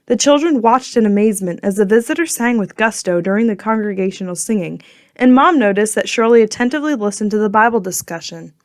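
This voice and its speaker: A woman narrating a children's storybook in a clear, gentle storytelling manner. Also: medium pitch, expressive, fast, no room sound, studio quality. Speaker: audiobook narrator.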